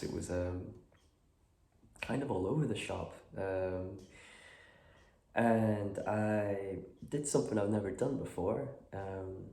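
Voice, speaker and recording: Low and gravelly, this guitar vlogger is fighting a cold and keeps clearing his throat. His relaxed casual chat is halting and full of fillers, captured in an echoey room with faint background noise.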